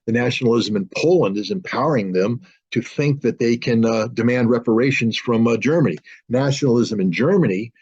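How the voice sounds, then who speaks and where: A man's voice: mid-range voice, brisk, hardly any pauses, a little mellow, breathy edge. A man speaking as an interview guest, blunt and emphatic, often restarting his sentences. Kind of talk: political interview talk. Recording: dull lo-fi audio.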